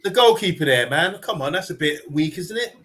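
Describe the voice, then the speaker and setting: A man's voice: on the high side, animated, fairly quick, fairly bright tone. A man chatting casually during a football watchalong, teasing and eager. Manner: teasing, eager, laughs a lot. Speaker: co-host friend on stream. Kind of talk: casual chat.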